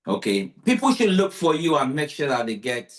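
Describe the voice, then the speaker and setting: A man hosting a podcast, telling stories in lively casual conversation and acting out the people he quotes. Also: a little high, moderate pace. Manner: animated storyteller, acts out quotes.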